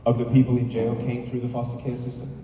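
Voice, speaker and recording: A man giving an animated motivational speech from a stage, telling stories with playful asides to the crowd. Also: mid-range voice, quick pace, slight background noise. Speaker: motivational speaker. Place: large hall on stage. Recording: echoey hall from far off.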